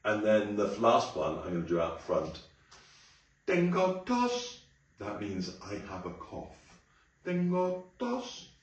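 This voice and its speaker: A man teaching a song to a class, explaining casually and bursting into loud sung phrases. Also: sits low, steady tone, normal speed, hardly any pauses. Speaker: music teacher. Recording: echoey room, mic at a distance.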